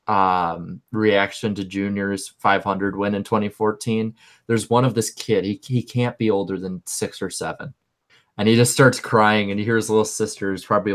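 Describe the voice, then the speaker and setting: Young male co-host, low voice, casual, excitable, rambling. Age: young adult. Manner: animated, rambling, repeats words when excited. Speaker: podcast co-host. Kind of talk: casual chat.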